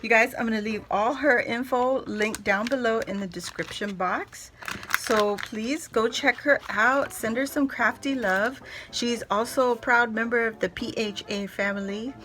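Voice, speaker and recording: A woman, middle-aged, chatting casually to camera as a craft vlogger, gushing and excitable as she shows off things. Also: on the high side, measured pace, a little hiss or hum. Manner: gushing, excitable, squeals with delight. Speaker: craft vlogger unboxing happy mail.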